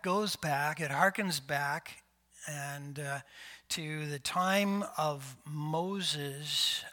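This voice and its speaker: A man's voice: fairly high pitch, pushed and bright. A middle-aged man from Canada preaching a sermon in a conversational way, with rhetorical questions and frequent fillers. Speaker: pastor.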